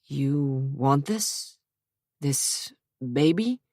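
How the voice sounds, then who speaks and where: A woman reading aloud, voicing a cocky young man who speaks in a low, offhand way. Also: animated, extremely slow, darkish tone, no room sound, studio quality, exaggerated voice. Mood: hesitant.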